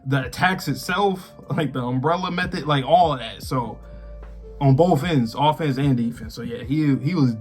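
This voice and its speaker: A man's voice: medium pitch, normal speed, faint music behind. A man co-hosting an anime reaction talk, chatting loosely and laughing often. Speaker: co-host of anime reaction channel. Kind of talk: casual chat.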